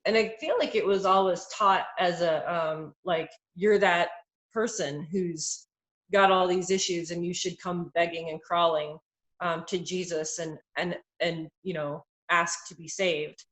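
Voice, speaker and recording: A woman's voice: fairly low pitch, steady tone, a little slow, fairly bright tone. A woman in a Bible study group, thinking aloud in a rambling way, full of "like" and "um". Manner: rambling and searching, heavy use of "like" and "um". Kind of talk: casual group discussion. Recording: echoey room.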